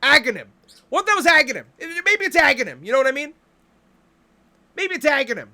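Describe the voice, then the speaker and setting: High bright-voiced guy on stream, swearing a lot, really fed up, pitch jumping all over. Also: big pitch swings, fast. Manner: profane, exasperated ranting. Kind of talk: casual stream rant about games.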